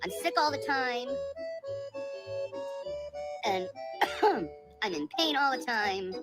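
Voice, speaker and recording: A woman's voice: on the high side, expressive, slow pace, rough recording. A woman in an angry, profane ranting monologue, stammering and exasperated as she vents. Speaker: vlogger. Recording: cheerful old song playing loudly underneath. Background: music.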